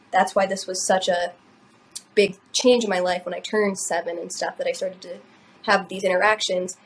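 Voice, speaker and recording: Woman telling a personal story. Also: mid-range voice. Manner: emotional, rambling, many "like"s and "you know"s. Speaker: podcast co-host. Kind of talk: personal storytelling in casual chat.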